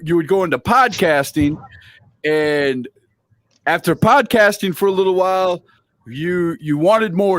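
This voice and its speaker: A man's voice: sits high, fairly bright tone, dry recording. A man hosting a casual interview, friendly and laughing easily, often repeating words as he stumbles. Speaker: podcast interviewer.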